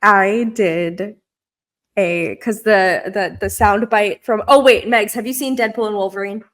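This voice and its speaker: A woman podcast host in casual chat, halting and restarting her sentences. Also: mid-range voice, steady tone.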